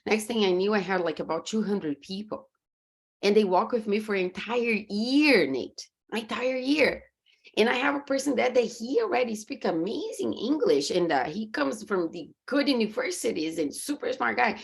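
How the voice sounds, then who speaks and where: A woman's voice: mid-range voice, moderate pace, vocal fry, slightly rough. A woman with a Brazilian Portuguese accent, a podcast guest and coach, telling stories earnestly over a video call and acting out her own reactions. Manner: animated storytelling, acts out her own reactions; faith-driven, earnest. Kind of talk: conversational interview.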